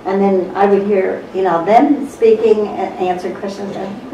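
A woman's voice: mid-range voice, steady tone, normal speed, mellow, lo-fi sound. A woman from Minnesota, a court reporter, telling a laughing story among colleagues. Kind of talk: casual group chat. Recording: echoey room, far from mic, noisy.

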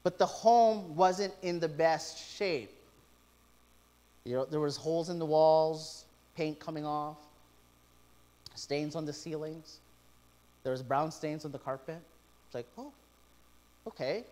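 A middle-aged man preaching from the pulpit in a fairly high voice. He tells stories with animated asides, acting out what people said. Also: slow, pauses often. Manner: animated storytelling with quoted asides. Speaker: pastor. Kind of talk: sermon.

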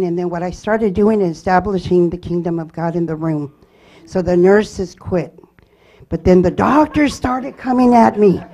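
A woman giving a personal testimony at church, telling her story earnestly with halting restarts. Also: mid-range voice, dark tone.

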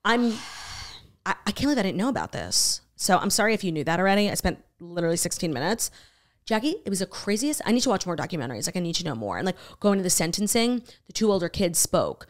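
A young adult woman co-hosting a podcast, retelling a story in casual chat, animated and swearing freely, with many "like"s. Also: fairly low pitch, quick pace. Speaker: podcast co-host.

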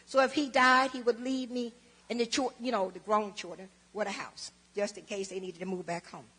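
A woman's voice: fairly high pitch, little pitch movement, normal speed, a bit bright, slightly rough. A woman, giving a church testimony and dramatically acting out both sides of conversations. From Southern United States. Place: church sanctuary. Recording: long church hall reverb.

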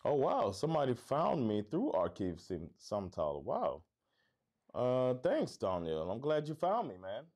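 A man's voice: mid-range voice, wildly swooping pitch, a little slow, darkish tone. A middle-aged man from Florida with a neutral American accent and a faint Florida lilt, hosting a casual livestream and chatting with viewers in an upbeat, easygoing way. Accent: neutral American, hint of Florida. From Florida, USA. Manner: upbeat, laid-back, says "man" a lot, laughs easily. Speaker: livestream host, comedy club owner. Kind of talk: casual livestream chat reading viewer comments.

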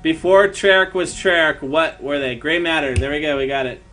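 A man's voice: a little high, fairly even intonation, normal speed, bright, forceful tone, soft background music. A man hosting a live gaming stream, chatting casually, laughing often and quizzing his friends. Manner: laughs often, playful quiz-style questions. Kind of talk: casual chat over online gaming.

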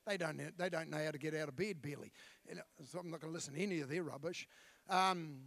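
A man's voice: fairly high pitch, fast talker, vocal fry, fairly bright tone, no echo. A middle-aged man, preaching a blunt, colloquial sermon with asides to the congregation. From New Zealand. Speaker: pastor. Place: church.

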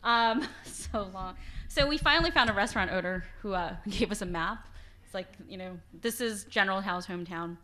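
A woman author giving an informal lecture with slides, chatty and animated, laughing often and restarting her sentences. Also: mid-range voice, moderate pace. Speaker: author giving a book talk. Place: library event hall.

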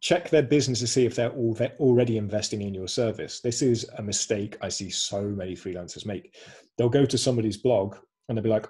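Male webinar presenter, low-pitched, husky, explanatory, video-call sound. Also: brisk, a little mellow. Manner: explanatory, walks through screenshots.

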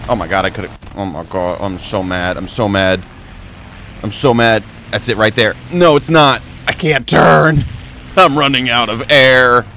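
A young man commentating his own flight game, muttering low play-by-play and yelping high and joking when things go wrong. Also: moderate pace, a little hiss or hum. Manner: excitable, jokey, yelps high when in trouble. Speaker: gaming streamer. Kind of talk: gameplay commentary.

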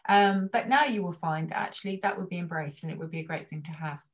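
A woman from England with a received pronunciation accent, a language expert explaining things in an interview in a measured, thoughtful way with frequent ums. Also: on the low side. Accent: British received pronunciation.

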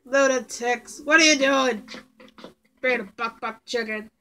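High-voiced woman playing games, bright and sharp, yells at stuff a lot. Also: unhurried. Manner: excitable, yelps and shouts in reactions. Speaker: gamer. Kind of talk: casual game commentary.

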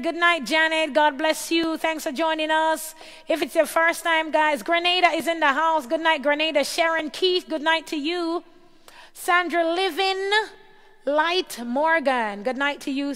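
A woman hosting a casual livestream, reading out viewers' names one by one, her voice a little tired. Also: high-pitched. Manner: reads out viewer names and greets them warmly one by one. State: voice tiring. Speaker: livestream host. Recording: long hall reverb.

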